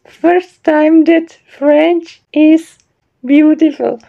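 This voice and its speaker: High-voiced, amused woman sounding out words. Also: steady tone, slow, warm tone. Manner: amused, giggly, apologetic about pronunciation. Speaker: channel host. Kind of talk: casual word pronunciation vlog. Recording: dull lo-fi recording.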